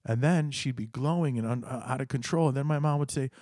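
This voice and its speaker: A man's voice: mid-range voice, quick pace, darkish tone, dry recording, studio quality. A man telling a personal story to listeners in a conversational way, speaking to them directly. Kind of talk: spoken storytelling to an audience.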